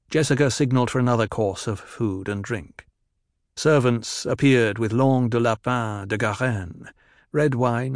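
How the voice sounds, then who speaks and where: A man with a mid-range voice narrates a scripted audiobook in a steady, even storytelling manner. The studio sound is clean, with no echo.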